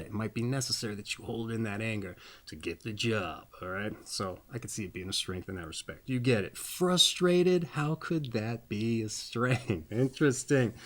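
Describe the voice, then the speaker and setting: A man giving a casual, rambling birthday astrology reading as host, folksy and often checking in with "all right?" while laughing at his own jokes. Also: fairly low pitch.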